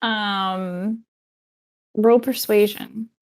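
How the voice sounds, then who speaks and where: A woman's voice: medium pitch, steady tone, drawn-out words, clear, resonant tone. A woman running a tabletop game as game master, narrating casually with fillers.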